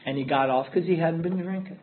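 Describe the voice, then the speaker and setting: A man's voice: a little high, fast, slight background noise. A man giving an earnest personal testimony at a recovery meeting, repeating himself for emphasis. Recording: tinny phone-like audio.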